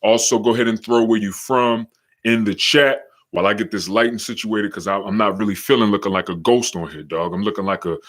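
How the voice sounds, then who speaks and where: A young man with a slight New York accent, hosting a casual live-stream podcast, slangy and hyped, shouting out viewers in the chat. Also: lowish voice, a little fast. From Charlotte, North Carolina. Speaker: podcast host.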